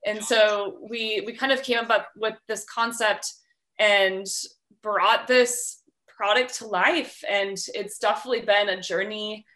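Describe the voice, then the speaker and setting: A woman chats as a guest on a podcast, and her voice comes across bright and lively. She explains things at length in a friendly way, with a few ums and light laughs along the way. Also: mid-range voice, measured pace. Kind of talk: casual interview chat.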